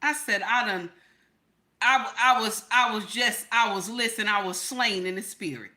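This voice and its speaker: A woman vlogger telling a personal story with animation, acting out quotes in loud bursts and using casual vernacular. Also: mid-range voice, moderate pace. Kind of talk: storytelling commentary.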